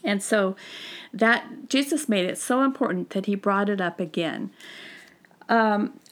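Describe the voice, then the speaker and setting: A woman's voice: medium pitch, measured pace. A woman teaching a recorded Bible study lesson, talking through the passage conversationally with frequent fillers and restarts.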